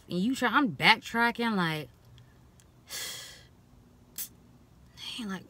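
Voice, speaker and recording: Speaking very slowly and pausing often, a young adult woman with a fairly low voice records a casual vlog straight to camera. Her manner is blunt, expressive and animated, and she imitates people's remarks to her in a mocking way.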